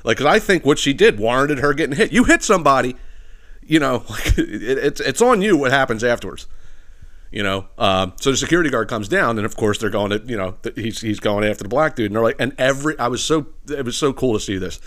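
A podcast host tells stories in a casual, profane rant, packed with filler phrases and laughing at his own jokes. His medium-pitched voice is animated and brisk, with a fairly bright tone.

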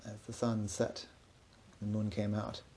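A man narrating an improvised children's story in a soft, low-key way, with small restarts. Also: monotone, a little slow, a little hiss or hum.

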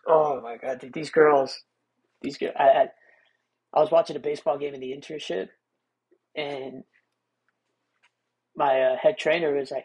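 Young man, podcast host, solo casual monologue, laid-back rambling, husky. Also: on the high side, expressive, normal speed, pauses often, darkish tone. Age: young adult. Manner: rambling, laid-back, many restarts and fillers.

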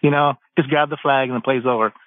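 A man calling into a sports radio show, talking haltingly with many fillers. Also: medium pitch, fairly even intonation, no room sound. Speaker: caller. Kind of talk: sports talk radio call. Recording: tinny phone line.

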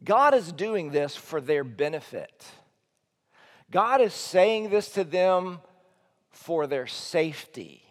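A man, a teaching pastor, preaching an earnest, emphatic sermon that swings between soft low lines and loud high ones. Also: big pitch swings, slow. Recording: long hall reverb.

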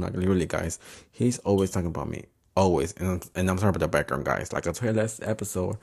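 Young man, twenties, low voice, profane, chatty podcast host, switching. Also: a little mellow. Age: 20s. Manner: profane, chatty, switches between English and Spanish, laughs often. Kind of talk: casual storytelling monologue. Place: home.

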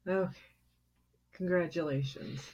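A woman's voice: on the low side, unhurried, a little mellow. A woman co-hosting a podcast, dryly teasing her co-host in casual banter. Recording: dull lo-fi home recording.

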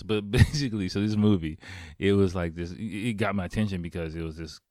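A young man with a very low voice rambles through a movie recap, full of fillers, restarts and casual swearing. The sound is dry and close, with no room around it. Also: fast talker, a little mellow, no room sound.

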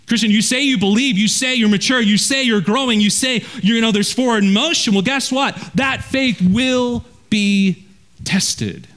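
A man preaching a verse-by-verse sermon as a pastor, earnest and direct, often dropping low and quiet to drive a point home. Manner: earnest preaching, drops low and quiet for emphasis, repeats words when restarting.

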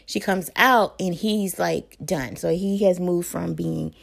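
A woman's voice: on the low side, takes it slowly, creaky. A woman in her thirties or forties, a mother talking through parenting advice in a casual, conversational way, with fillers and self-corrections. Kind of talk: casual advice talk to camera.

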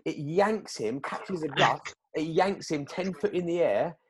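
A man telling a story in casual chat, animated, acting out quoted lines with big jumps in pitch. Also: unhurried, noisy background.

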